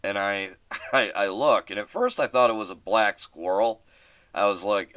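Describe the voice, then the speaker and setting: A deep-voiced man tells a story on his solo podcast, rambling and restarting, and he swears casually. His voice is smooth and clear, recorded dry and close. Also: normal speed, a bit bright, dry recording. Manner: rambling, many fillers and restarts. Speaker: podcast host.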